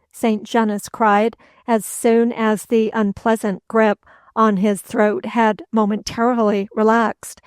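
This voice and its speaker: A woman narrating a classic novel for an audiobook, measured and steady. Her voice sits slightly high and barely moves in pitch as she reads slowly. The recording is dry and close. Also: clean tone, dry recording. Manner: measured, even storytelling.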